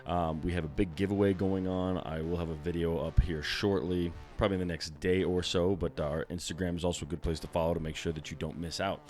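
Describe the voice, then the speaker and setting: A man hosting a hunting podcast, talking casually and warmly, calling his guest brother and man. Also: sits low, steady tone. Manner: friendly, fast, calls guest brother and man. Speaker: podcast host.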